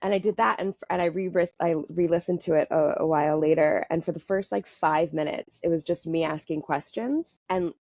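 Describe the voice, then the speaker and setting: A woman's voice: on the low side, a little fast, few pauses, a little mellow, dry recording, muffled recording. A woman guest on a podcast, talking candidly and in a rambling way, often laughing at herself. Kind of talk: candid conversational storytelling.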